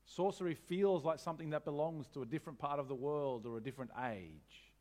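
A man preaching a sermon as pastor, animated, asking rhetorical questions with wry humor. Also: a little high, fairly quick.

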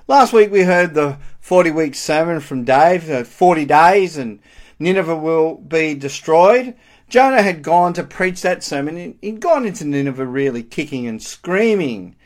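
A man delivers a sermon with animated, emphatic energy. His pitch rises and falls widely as he poses rhetorical questions to the congregation. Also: normal speed. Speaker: preacher.

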